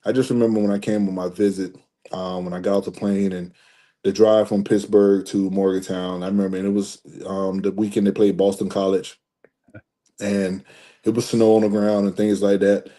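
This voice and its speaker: Mellow low-voiced man telling a story. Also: normal speed. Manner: animated storyteller, acts out dialogue, restarts often. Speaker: former college football player, guest. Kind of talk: casual storytelling interview.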